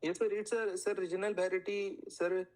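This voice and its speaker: A man's voice: high-pitched, little pitch movement, moderate pace, a little mellow, rough recording. A young man answering his teacher in class, hesitant and often saying sir. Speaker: student. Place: lecture classroom.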